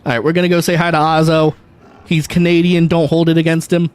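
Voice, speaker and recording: A man's voice: a little high, flat delivery, fast talker, a little mellow, smooth. A man chatting casually and jokingly on a gaming livestream, swearing and talking to his viewers. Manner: chatty, jokey, swears and laughs easily. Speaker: streamer.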